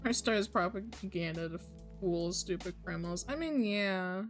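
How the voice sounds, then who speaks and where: A woman co-hosting a podcast in casual chat, swearing freely, laughing often and mocking people in quick put-on quotes. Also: mid-range voice, soft background music. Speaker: podcast co-host.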